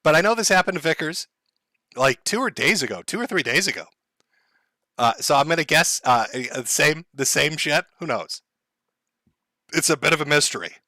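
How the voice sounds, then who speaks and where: A man on a live stream, talking loosely and sardonically, with a bright, lively voice that swings around a lot. He laughs often and hams up fake distress. The sound is dry and close, with no room around it. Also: fairly high pitch, moderate pace, pauses often, dry recording. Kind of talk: casual live-stream talk. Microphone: headphones and desk mic.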